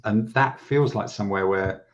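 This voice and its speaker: Low-voiced man on a dull remote line. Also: moderate pace, a little hiss or hum. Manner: anecdotal, relaxed storyteller. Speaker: podcast guest. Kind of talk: casual podcast chat, remote.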